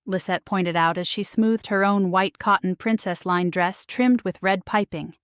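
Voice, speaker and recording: A woman narrating a first-person romance novel in a steady, expressive reading voice. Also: medium pitch, measured pace, few pauses, smooth, no echo, clean studio sound. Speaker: audiobook narrator.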